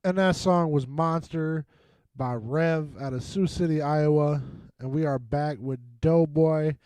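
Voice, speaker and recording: A man's voice: fairly high pitch, a little slow, darkish tone, smooth, no room sound. A man hosting an online radio show, chatting casually with a guest and swearing freely. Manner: laid-back, swears casually. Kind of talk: casual interview chat.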